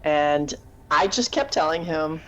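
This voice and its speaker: A woman's voice: low-pitched, expressive, a little slow, dull audio, a little hiss or hum. A woman co-hosting a casual live chat show, a teacher who rambles through stories and laughs often. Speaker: podcast co-host.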